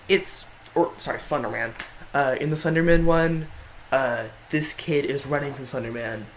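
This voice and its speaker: A man's voice: medium pitch, slight background noise, poor audio. A man giving casual tier-list commentary in a rambling way, often stopping to correct himself. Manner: rambling, frequent self-corrections. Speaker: video creator.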